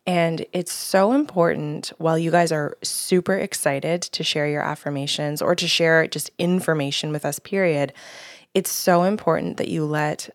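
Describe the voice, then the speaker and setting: A woman medium explains to clients how to get the most from a reading, in a low, gravelly voice full of vocal fry. She talks casually and adds little tags like "right?", and the recording is close and dry. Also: steady tone, moderate pace, no room sound. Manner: explains with asides and rhetorical tags. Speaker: psychic medium. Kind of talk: casual advice chat.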